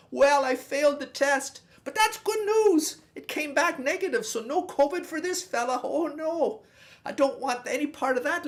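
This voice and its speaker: A woman playing a chatty middle-aged Irish pig farmer in a stage Irish accent, telling a rambling comic story. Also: sits high. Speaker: guest host. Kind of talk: comic monologue in character.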